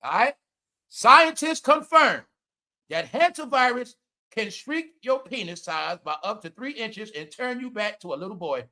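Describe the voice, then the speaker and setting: A man with a high, bright voice rants through a casual comedy commentary, talking straight to his audience. He is loud and profane, breaks into laughter often, and swings from shouting to muttering asides. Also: very animated, normal speed. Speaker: online commentator.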